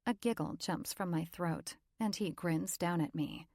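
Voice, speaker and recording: A woman narrating a first-person romance audiobook in a calm, even reading. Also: on the low side, measured pace, vocal fry, hardly any pauses, dry recording, studio quality.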